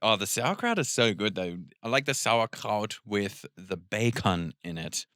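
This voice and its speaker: A man's voice: lowish voice, lively intonation, a little slow, a bit bright, no echo, clean studio sound. A man co-hosting a podcast, chatting in a laid-back way and laughing often. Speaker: podcast co-host. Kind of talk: casual chat.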